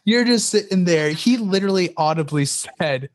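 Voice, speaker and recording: A man's voice: sits high, normal speed. A man co-hosting a casual podcast, telling stories animatedly with frequent laughs and fillers. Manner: animated storyteller, laughs often, many fillers. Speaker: podcast co-host. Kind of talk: casual chat.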